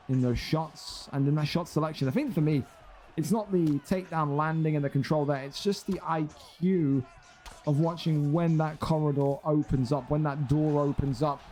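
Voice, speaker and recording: A young man doing play-by-play commentary on a fight game, excitable and climbing high and loud on big moments. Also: slight background noise.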